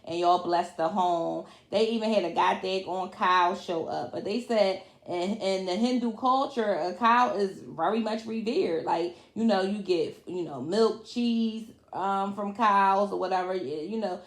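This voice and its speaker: A woman's voice: medium pitch, a little slow, hardly any pauses. Chatty woman recapping TV, echoey room. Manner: chatty, colloquial, laughs often, many fillers. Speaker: reality TV recap vlogger. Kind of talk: casual recap chat.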